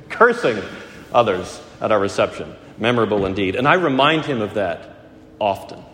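A middle-aged male pastor preaches with a lively, rising-and-falling voice and a touch of dry humor. His words ring out in a church sanctuary with a long, echoing reverb. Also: fairly low pitch, normal speed, a little hiss or hum. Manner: conversational, gently humorous preaching. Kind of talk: sermon. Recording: echoey church hall.

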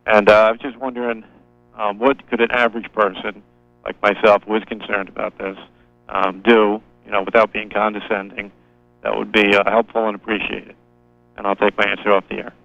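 Male caller, low and flat, gravelly, soft-spoken, tinny phone line. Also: fairly quick, no echo, soft background music. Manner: quiet and hesitant. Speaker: radio caller. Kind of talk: phone-in question.

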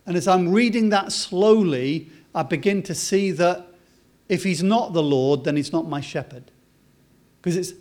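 A British man delivers a sermon in a slightly higher-pitched voice. He swings between loud, emphatic lines and soft, slow, drawn-out words. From Britain. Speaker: preacher.

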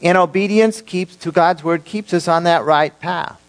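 A male pastor preaching an emphatic sermon to his congregation, swinging between loud declarations and hushed, slow emphasis. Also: high-pitched, clean tone, poor audio.

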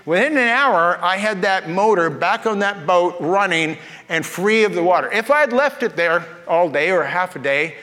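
Man with a high-pitched voice, pastor preaching in a sermon, folksy storyteller with jokes, reverberant hall. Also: expressive, moderate pace, pushed and bright.

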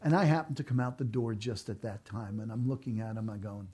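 Husky-voiced man preaching earnestly. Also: on the low side, a little fast, warm tone. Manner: earnest, emphatic preaching with repeated key phrases. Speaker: pastor. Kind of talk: sermon.

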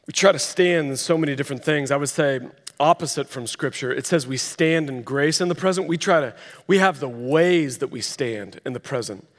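A man's voice: a little high, moderate pace. A man preaching a sermon, telling a story with dramatic voiced quotes. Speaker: pastor. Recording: long reverb of a large hall.

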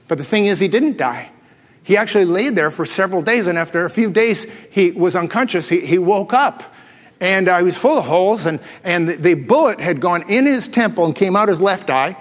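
A male pastor preaching a sermon to a congregation, telling stories and joking with them as he goes. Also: sits high. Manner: storytelling, joking and laughing with the congregation. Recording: long hall reverb.

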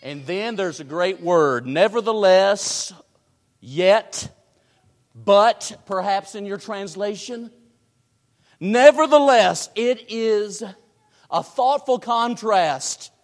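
A high-voiced man delivers a sermon at an unhurried pace. He drops to near whispers and then rises to loud, emphatic peaks. His voice rings out with a long reverb, as if in a large church sanctuary. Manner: dramatic swings from hushed to booming. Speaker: preacher.

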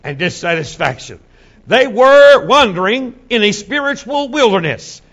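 A man pastor preaching a sermon dramatically, dropping to a hush and building up to shouts. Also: very high voice, dull audio. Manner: dramatic, swings from hushed to shouting.

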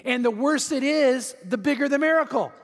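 A male pastor preaching a sermon. He tells stories in an animated way and often repeats words as he starts a thought. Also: extremely high pitch, moderate pace, in a large hall.

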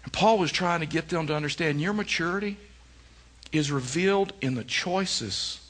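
Middle-aged guy pastor preaching, slightly high voice, repeats lines for punch. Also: normal speed, a bit bright. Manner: storytelling with emphatic repetition. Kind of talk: sermon.

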